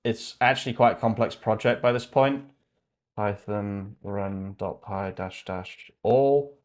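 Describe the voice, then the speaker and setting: A young man with a slightly low voice talks loosely through a coding livestream. He swears, muses aloud, and drops into a flat murmur when reading notes off his screen. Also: slow. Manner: chatty, swears freely, thinks aloud. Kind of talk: casual livestream chat while coding.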